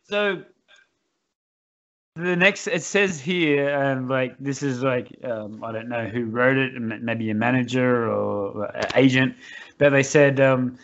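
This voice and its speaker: A man hosting a podcast, asking questions in a halting way as he reads from notes. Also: medium pitch, a bit bright. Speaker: podcast host. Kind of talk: casual interview chat. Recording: dull lo-fi sound.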